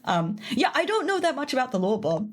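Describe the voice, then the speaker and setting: A woman's voice: high-pitched, very animated, brisk. A young woman streaming a game, chatting casually with viewers in a rambling, giggly way full of fillers. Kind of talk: casual live-stream chat.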